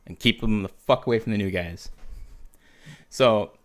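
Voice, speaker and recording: A young man, a guest on a casual podcast, telling profane, animated stories. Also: fairly low pitch, normal speed. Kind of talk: casual chat.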